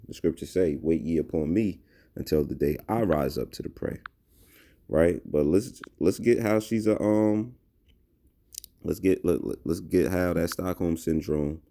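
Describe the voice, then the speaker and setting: Very deep, gravelly male teacher. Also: dark tone. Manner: halting, with many fillers and restarts, reads verses aloud. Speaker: scripture teacher. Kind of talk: bible-based commentary.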